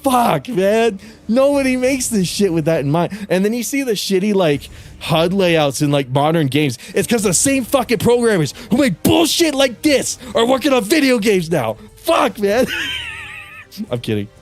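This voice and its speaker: A young male streamer in a casual livestream rant, cursing and venting in frustration with bursts of yelling. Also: sits high, very animated, moderate pace, hardly any pauses, faint music behind. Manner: frustrated, profane ranting with bursts of yelling and laughter.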